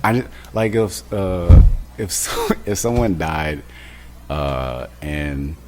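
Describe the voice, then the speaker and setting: A young man co-hosting a casual podcast chat, halting and restarting with bursts of laughter. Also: a bass voice, lively intonation, darkish tone. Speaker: podcast co-host.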